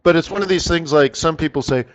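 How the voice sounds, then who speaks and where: A man's voice: fairly high pitch, quick pace. A man hosting a live trading strategy session, chatting casually and animatedly with viewers by name as he teaches. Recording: dull lo-fi stream audio.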